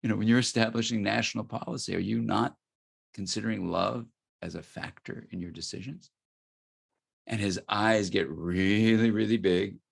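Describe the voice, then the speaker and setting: A man from the United States, a guest expert, telling a story in an interview answer, soft-spoken and dropping nearly to a murmur. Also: fairly low pitch, fairly even intonation, moderate pace, creaky, slightly rough.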